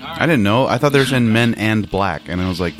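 A man's voice: on the low side, animated, brisk, over music. A young man casually riffing and joking while commenting on a movie, laughing often. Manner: jokey, laughs often, riffs. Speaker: commentary host.

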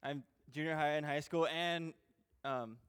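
A man with a high voice delivers an informal sermon as a youth pastor. He is animated, building to loud peaks and then falling to soft, self-mocking asides. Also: unhurried, smooth. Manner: animated, swings between loud emphasis and quiet asides.

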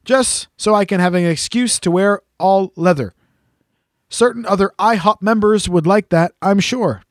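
A man's voice: high voice, moderate pace, dry recording, clean studio sound. A man co-hosting a podcast, reading listener messages aloud in a teasing, rambling way with lots of fillers. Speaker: podcast co-host.

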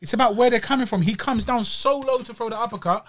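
A man's voice: very high voice, quick pace, fairly bright tone. A man with a London accent, co-hosting a podcast and critiquing a boxing match in casual, slangy chat. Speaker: podcast co-host.

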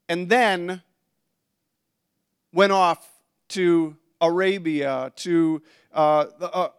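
High, smooth-voiced man preaching. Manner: conversational, with restarts and asides. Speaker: pastor. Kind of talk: sermon.

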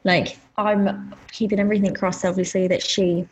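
A woman co-hosting a podcast in casual chat, talking in an animated way that rises in pitch when she gets worked up. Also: normal speed, a little hiss or hum, poor audio. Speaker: podcast co-host.

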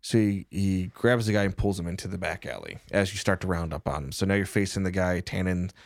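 Male game master, gravelly low voice, casual narration, dry close recording. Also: brisk, dry recording. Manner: casual, filler-heavy.

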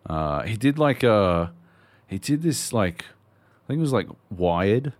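A very deep-voiced man chatting casually on a podcast, loose and rambling with plenty of swearing. The sound is dry and close, with no room around it. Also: sing-song, unhurried, dry recording. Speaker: podcast co-host. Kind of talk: casual chat.

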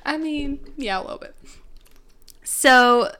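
A woman's voice: sits high, lively intonation, slow, a crowd in the background. A young woman co-hosting a casual true-crime podcast, chatty and giggly with lots of fillers. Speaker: podcast co-host.

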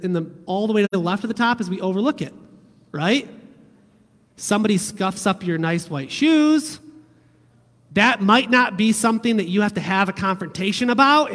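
A man preaching a conversational sermon to his congregation, often asking them questions. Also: sits high. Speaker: pastor. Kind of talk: sermon teaching. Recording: long hall reverb.

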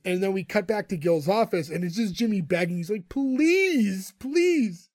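A man's voice: high voice, fast talker, darkish tone, no echo, clean studio sound. A man co-hosting a podcast, casually retelling a TV episode and laughing often. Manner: chatty, laughs often while retelling scenes. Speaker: podcast co-host recapping a TV episode. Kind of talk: casual chat.

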